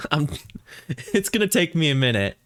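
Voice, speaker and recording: A man's voice: fairly high pitch, lively intonation, slow pace, fairly bright tone. A man streaming a game, giving rambling casual commentary with laughing asides. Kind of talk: casual let's-play commentary.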